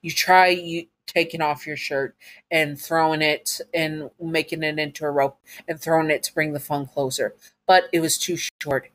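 A woman's voice: low-pitched, fairly even intonation, moderate pace, fairly bright tone. A woman narrating a second-person audio story to the listener, with casual asides.

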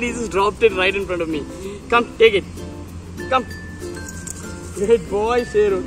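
High-voiced man training a dog outdoors. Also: unhurried, long pauses, distant mic, music in the background, poor audio. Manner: upbeat praise to a dog, chatty asides to viewers. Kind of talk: casual instructional talk.

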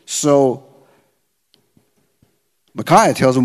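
Middle-aged pastor preaching in a reverberant hall. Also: male voice, mid-range voice, unhurried, darkish tone. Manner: casual, slangy retelling with frequent "okay?" check-ins. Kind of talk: conversational sermon storytelling. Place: church sanctuary. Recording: long church-hall reverb.

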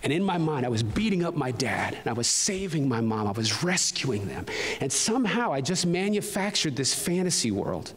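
Male pastor, mid-pitched, earnest storyteller turning fervent; preaching in a church with long reverb. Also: sing-song, moderate pace. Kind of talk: personal testimony sermon. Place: church sanctuary. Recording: long reverb of a large hall.

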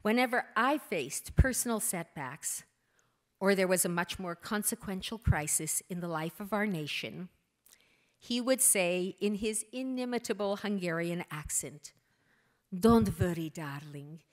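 A middle-aged woman giving a prepared, earnest tribute speech at a hotel gala, measured with emphatic rises. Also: mid-range voice, animated. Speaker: gala speaker, daughter of the foundation's namesake. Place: hotel ballroom.

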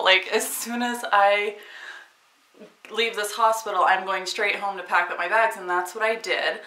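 A woman's voice: medium pitch, fairly even intonation, normal speed, bright, forceful tone. A woman vlogger telling a story in a casual, chatty way, with lots of fillers and frequent laughs. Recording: echoey room, from a distance.

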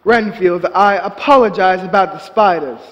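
An actor playing a proper, curious male asylum doctor on a theatre stage, speaking in a formal, measured way. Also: sits high, lo-fi sound, lightly acted. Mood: composed. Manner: formal, measured, clipped diction. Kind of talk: live stage acting. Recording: stage voice with long theatre reverb.

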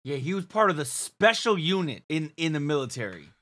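A man hosting a reaction video, talking in an animated, slangy way and often laughing and exclaiming. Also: a little high, a little fast. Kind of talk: casual reaction commentary.

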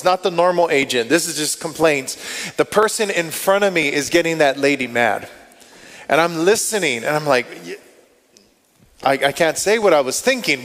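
A male pastor telling stories in a sermon, animated, acting out what people said and thought. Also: high-pitched. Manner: animated, acts out quotes and inner thoughts. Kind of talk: storytelling sermon. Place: church sanctuary. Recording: long hall reverb.

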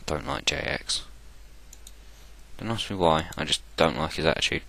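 A man from Essex with a deep voice that has a bright, forceful edge. He rambles through gameplay with loose, irreverent commentary. Bits of gravelly fry run through his talk as he mutters to himself. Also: big pitch swings, moderate pace. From England. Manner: irreverent, joking, talks to himself. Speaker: gaming channel host.

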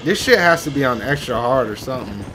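A man's voice: mid-range voice, animated, fast, noisy background. A man doing gameplay commentary, swearing and exclaiming at the game out of frustration. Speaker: gamer.

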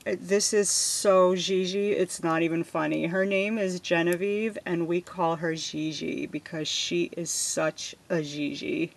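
A woman's voice: on the low side, fairly even intonation, a little slow, vocal fry, hardly any pauses. A middle-aged woman unboxing a gift package in a vlog at her home desk, gushing with effusive thanks. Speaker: crafting vlogger. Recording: noisy home recording with paper rustling.

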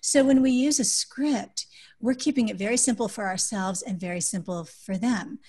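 This podcast guest, an author and adoptive parent, walks through parenting concepts using hands-on examples. She speaks in a mid-range voice at a moderate pace with some breathiness. Phrases she'd use with a child come out soft and calm.

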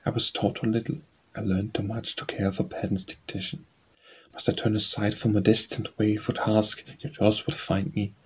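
A man reads poetry aloud for an audiobook with a low, slightly husky voice. He keeps his delivery even and unvaried, moving through the verses at a steady, measured pace. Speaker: audiobook reader. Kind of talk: poetry recitation.

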